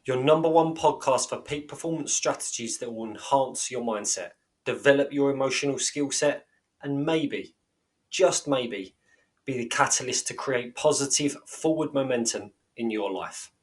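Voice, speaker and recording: Dude reading a podcast intro, slick promo voice, mid pitch. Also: male voice, moderate pace. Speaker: show announcer.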